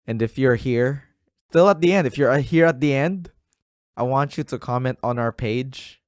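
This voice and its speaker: A man's voice: medium pitch, normal speed, clear, resonant tone, dry recording. A man co-hosting a podcast in a studio, chatting casually and swearing freely. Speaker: podcast co-host. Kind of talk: casual chat.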